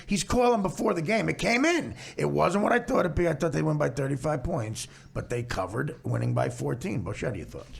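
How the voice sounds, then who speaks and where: A man's voice: a little high, lively intonation, a little fast, vocal fry, hardly any pauses, breathy edge. A man hosting a comedy podcast, brash, profane and teasing his guests. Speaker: podcast host. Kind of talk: casual comedic banter.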